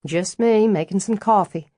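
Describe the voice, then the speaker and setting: A woman's voice: medium pitch, moderate pace, warm tone, no room sound, studio quality, pitched above the performer's own voice, natural voice. A woman voicing Roz, a frank, wry and elegant older estate owner with a Southern accent, in an audiobook reading. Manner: blunt and dryly amused.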